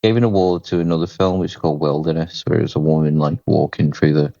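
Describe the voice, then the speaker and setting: Deadpan man on a dull mic. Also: extremely low pitch, fast talker, vocal fry, no room sound. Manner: deadpan retelling of scenes, with chuckles. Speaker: podcast co-host. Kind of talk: casual chat about films. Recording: dry, slightly dull lo-fi mic.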